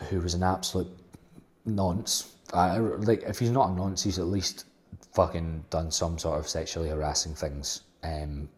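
A man's voice: very deep voice, a little mellow. A young man telling a rambling, blunt and sweary personal story as a casual vlog host.

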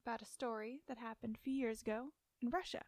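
Chatty giggly woman, higher voice. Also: fairly even intonation, fast, darkish tone, no echo. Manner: giggly, chatty, stumbles over names. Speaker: podcast co-host. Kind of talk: casual storytelling chat.

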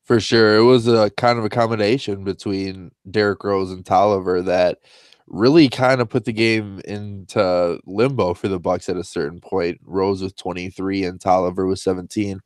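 Guy with a cold hosting a sports podcast, kinda low, nasal, dry close sound. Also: fairly even intonation, normal speed, clear, resonant tone, no room sound. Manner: chatty, with fillers like um and uh. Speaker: podcast co-host. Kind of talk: casual sports podcast chat.

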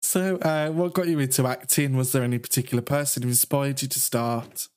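An interviewer asking questions in a halting way, restarting mid-sentence. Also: mid-range voice, fairly even intonation, a little mellow.

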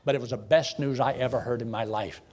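A man, a preacher telling his conversion story in a folksy way, swinging from loud bursts to hushed lows. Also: fairly even intonation, quick pace. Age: 70s. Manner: folksy storytelling with sudden emotional swells and hushed drops. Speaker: preacher giving his testimony. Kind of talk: sermon testimony.

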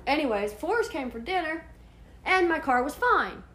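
A woman's voice: high voice, lively intonation, measured pace. A woman with a lingering cough, chatting casually and laughing easily. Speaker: podcast co-host. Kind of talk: casual chat.

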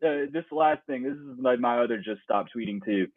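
A man's voice: medium pitch, a little fast, no room sound. A young man co-hosting a casual sports podcast, exasperated and swearing, laughing often, heard over a remote call. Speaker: podcast co-host. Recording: tinny phone-like line.

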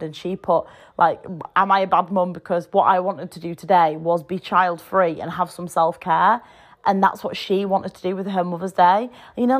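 A woman in her thirties with a British English accent, hosting a casual solo podcast from home, chatty and frank, swearing freely. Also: fairly low pitch. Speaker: podcast host.

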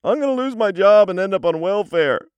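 A shrill, whining inner voice that jumps far above its speaker's usual range and sounds pinched and strange, as a man puts it on. It is a catastrophizing male voice of self-doubt, always expecting the worst. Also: animated, brisk, smooth, no room sound. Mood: despairing. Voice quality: high, strained whine.

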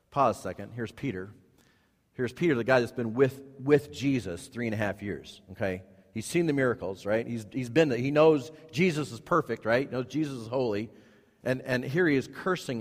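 A male pastor preaching to his church, emphatic, repeating phrases, with sudden rises in pitch and volume. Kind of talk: sermon. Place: church sanctuary. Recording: long hall reverb.

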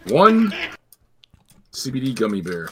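Rambling co-host, man, animated pitch, bright edge. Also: a little slow, a little hiss or hum. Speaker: podcast co-host. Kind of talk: casual comedy chat.

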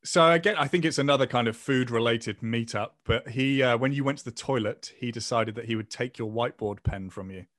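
A man hosts a relaxed podcast chat, teasing his guest and working through a list of memories. His voice sits at an everyday middle pitch. The sound is close and dry, with almost no room around it. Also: brisk, hardly any pauses, no echo. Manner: playful, reads out prompts and tells a joke. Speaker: podcast host.

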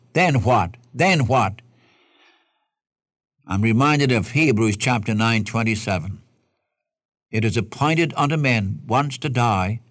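A man's voice: mid-range voice, a bit bright, no echo, studio quality. A man preaching a radio Bible study sermon, emphatic and pleading as he quotes scripture.

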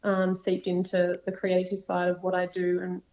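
A young adult woman, a podcast guest talking casually and earnestly about faith, rambling at times in quick bursts. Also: lowish voice, completely flat delivery, darkish tone. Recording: dull lo-fi sound.

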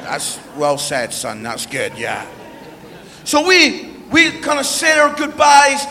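A man's voice: extremely high pitch, long reverb tail. A middle-aged Scottish man preaching with humor, telling a family story and checking in with the crowd with "yeah?". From Scotland. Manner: animated, tags lines with "yeah?".

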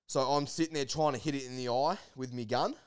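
Aussie guy spinning a yarn, smooth clear voice, laughs a lot, lots of ums. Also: mid-range voice, quick pace. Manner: animated, laughing storyteller with lots of fillers. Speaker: podcast guest. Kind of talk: casual storytelling.

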